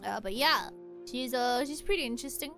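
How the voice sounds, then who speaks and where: A young woman streaming a game from home, telling rambling stories in a casual, animated way. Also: high voice, fairly quick, faint music behind. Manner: animated rambling storytelling with frequent laughs. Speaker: VTuber streamer. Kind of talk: casual chat while playing a game.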